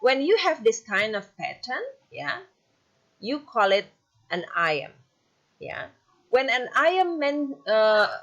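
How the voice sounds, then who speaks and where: Slow-spoken Indonesian-accented woman teacher. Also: medium pitch, fairly bright tone, highs cut off. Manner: slow, explains patiently, tags sentences with "yeah". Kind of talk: recorded lecture on poetry.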